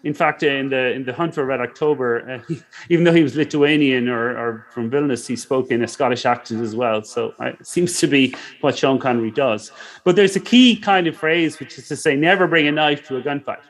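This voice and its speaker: A man's voice: mid-range voice, a little fast. Middle-aged male guest lecturer for an online startup session, casual, rambling delivery with lots of "you know.". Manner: loose and conversational, peppered with "you know" and self-corrections.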